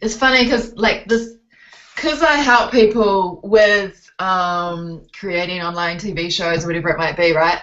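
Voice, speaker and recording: A woman's voice: fairly low pitch, steady tone, a little slow, a bit bright, highs cut off. A woman, a guest in a casual interview, laid-back and jokey with plenty of slang.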